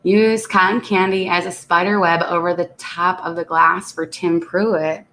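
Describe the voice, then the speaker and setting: Woman streamer, lowish voice, chatty and laughing, stuffy nose, casual reading of viewer chat. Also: steady tone, measured pace, a bit bright, a little hiss or hum. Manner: chatty, laughs often, reads comments aloud. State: congested. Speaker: channel host reading live chat.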